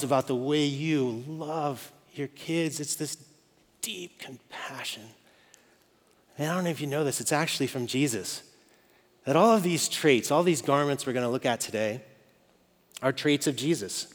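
Preaching to mothers, this man in his forties sounds a little high and talks at normal speed. The pastor's sermon is conversational and jokey, peppered with "okay?" and "right?" as he checks in with the crowd, and the hall gives long reverb.

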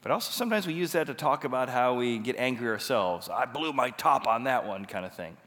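A middle-aged man preaching with lively, animated storytelling, his voice climbing to near-shouts as he retells his frustration. His voice sits at an average pitch, and the long reverb of a large hall trails behind each phrase. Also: brisk. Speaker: pastor. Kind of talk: sermon.

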